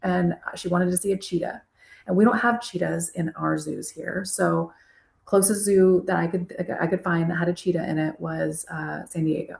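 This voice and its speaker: A woman therapist, a podcast guest, telling personal stories casually and lively. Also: fairly low pitch, moderate pace, gravelly, roomy sound. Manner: storytelling, animated when quoting herself. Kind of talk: casual interview chat.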